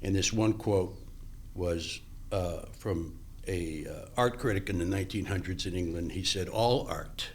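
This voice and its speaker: Here an older actor, interviewed as a podcast guest, speaks at a measured pace in a low voice, with a little hiss or hum audible. He relives past stories animatedly, voicing the dialogue he recalls and repeatedly restarting what he's saying.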